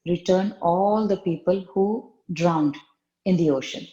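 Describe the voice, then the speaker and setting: A woman's voice: on the low side, unhurried, warm tone, lo-fi sound. Woman retelling a scripture story, echoey. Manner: conversational retelling with repeated phrases. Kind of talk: spiritual storytelling.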